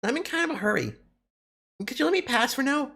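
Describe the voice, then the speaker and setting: A man voicing a brash young woman with a put-on Southern drawl, high and twangy. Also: big pitch swings, fairly quick, creaky, pushed and bright, exaggerated voice. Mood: hurried. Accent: put-on American Southern.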